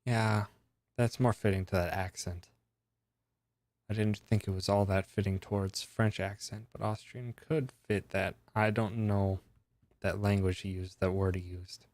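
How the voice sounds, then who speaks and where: A man's voice: fairly low pitch, steady tone, a little slow, darkish tone, no room sound. A man streaming a game, musing aloud as he works through its puzzles in casual commentary.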